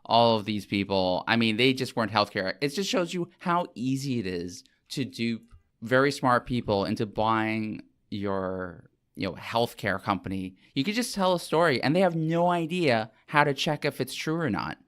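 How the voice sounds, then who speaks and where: A man co-hosting a podcast, animated and rambling, with plenty of restarts as he works toward a point and a quick line in jokes. His voice sits at an ordinary middle pitch for a man. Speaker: podcast co-host. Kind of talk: casual podcast chat.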